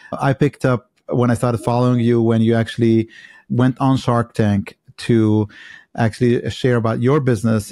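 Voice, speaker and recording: A male podcast host asking questions in a hesitant, halting way, often restarting his sentences. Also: mid-range voice, dark tone, no room sound, studio quality. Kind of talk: casual interview.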